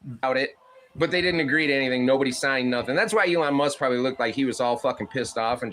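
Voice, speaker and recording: Bright, profane man ranting on politics. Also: mid-range voice, quick pace. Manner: profane, mocking, puts on voices for quotes. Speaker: panel host. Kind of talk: heated political commentary.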